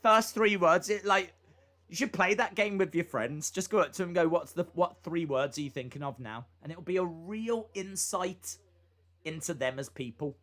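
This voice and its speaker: A man's voice: sits high, moderate pace, fairly bright tone. A man hosting a live reaction stream, chatting casually and rambling with fillers and asides between moments of commentary.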